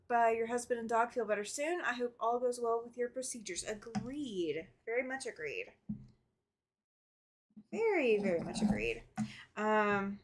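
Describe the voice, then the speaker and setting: A woman's voice: on the high side, a little hiss or hum. A middle-aged woman hosting a casual quilting livestream, chatting, reading viewer comments aloud and laughing often. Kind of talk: casual live chat while sewing.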